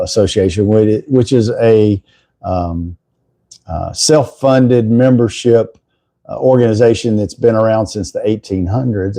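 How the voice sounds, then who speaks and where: A man's voice: on the low side, mellow, dry recording. An older Texan man hosting a casual morning livestream, rambling through stories and thanking viewers by name. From Texas. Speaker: livestream host.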